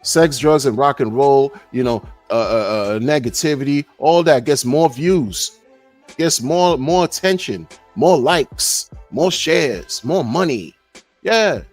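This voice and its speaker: Rambling middle-aged man hosting a podcast. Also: medium pitch. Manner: loose, rambling, repeats "man" and "you know". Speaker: podcast host. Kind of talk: casual live-stream rambling.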